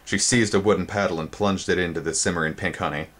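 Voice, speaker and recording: This is a theatrical storybook reading by a man with a deep voice. Exciting words send his pitch soaring and get stretched out slowly, and he occasionally stops so listeners can see the pictures.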